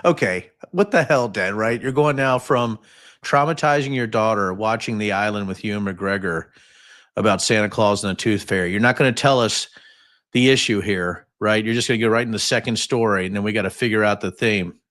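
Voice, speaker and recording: Speaking a little fast in a fairly low, fairly bright voice, this man in his fifties hosts a livestream as a podcast host. His storytelling is casual and rambling, jokey, and packed with fillers and asides.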